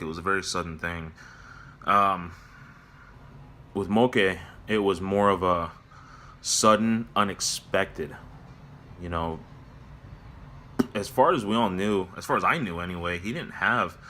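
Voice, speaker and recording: Low-voiced guy doing a somber vlog update at work, halting, lots of ums, kinda sharp tone. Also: slight background noise. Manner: halting, reflective, many fillers and restarts. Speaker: vlogger. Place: at his workplace near closing time.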